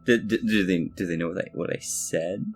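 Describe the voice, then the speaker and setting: A player in a tabletop game, asking animated questions with frequent laughs. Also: deep voice, a little fast, faint music behind.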